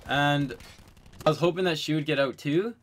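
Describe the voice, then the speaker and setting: A man's voice: fairly high pitch, moderate pace. A young man telling a story to friends in a casual voice chat, rambling with lots of fillers and swearing.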